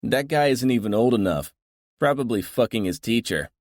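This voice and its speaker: A man's voice: mid-range voice, expressive, normal speed, no echo, clean studio sound, voice pushed up, natural voice. A man doing a jeering drunk young heckler. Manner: jeering, shouted taunts.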